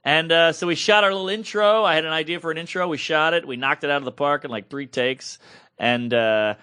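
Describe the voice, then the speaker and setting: A man in his thirties co-hosting a podcast, telling a story in a loose, animated way, swearing freely and acting out the people he quotes. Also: fairly high pitch, fairly quick, smooth. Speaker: podcast co-host. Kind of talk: casual storytelling chat.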